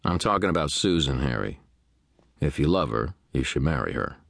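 A man voicing a steady, earnest knight who presses his friend with calm, moralizing questions. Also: very deep voice, moderate pace, gravelly, dry recording, studio quality, exaggerated voice. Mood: lecturing. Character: earnest, steady male knight, gently lecturing.

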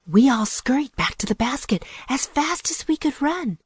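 A woman narrating a children's audiobook with lively storytelling and hushed whispers at tense moments. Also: sits high, normal speed, breathy edge, no echo, clean studio sound.

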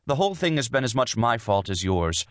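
A man's voice: mid-range voice, big pitch swings, brisk, a bit bright, no echo, studio quality, pitched above the performer's own voice. A man narrating an audiobook voices a tense young wife and mother, earnest and insistent as she pleads her case. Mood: earnest, pleading. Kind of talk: audiobook dialogue.

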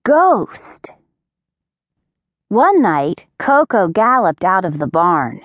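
A woman narrating a children's audiobook in slow, clear, expressive storytelling on a close studio mic. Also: lowish voice, no echo.

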